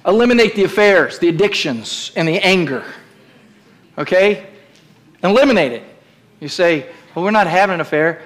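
A middle-aged pastor preaches a sermon in church, emphatic and direct, prompting the congregation to repeat phrases aloud in call-and-response. His voice is high and fairly bright, with lively intonation at a normal speed, and he pauses often.

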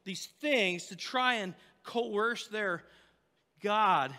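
Bright high-voiced man preaching in a hall. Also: very slow. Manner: storytelling, conversational with fillers and restarts. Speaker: pastor. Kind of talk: sermon.

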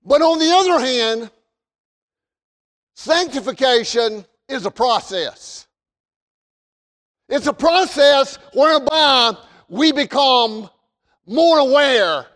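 High-voiced man preaching slowly in a hall. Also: animated. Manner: emphatic, repeats phrases, rises to shouts. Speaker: pastor. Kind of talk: sermon. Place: church sanctuary. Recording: long reverb of a large hall.

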